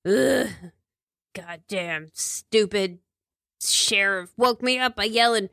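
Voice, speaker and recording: A surly, hungover jail inmate in a tabletop game grumbles coarsely, freshly woken and annoyed, as a woman puts him on. The voice drops low and rough, with a bright edge and dry, close sound. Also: slow pace, no echo, heavily acted. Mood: grumpy.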